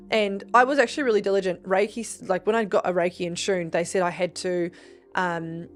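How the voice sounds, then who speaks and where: A woman hosting a podcast, telling a personal story in casual chat, animated and swearing often, acting out the quoted voices with big jumps in pitch. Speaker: podcast host. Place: Gold Coast region.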